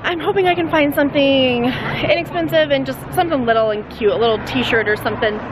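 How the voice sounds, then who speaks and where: A woman's voice: sits high, fairly quick, crowd noise, background noise. A woman in her thirties, a family vlogger, chatting casually and upbeat to a handheld camera and laughing often. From United States.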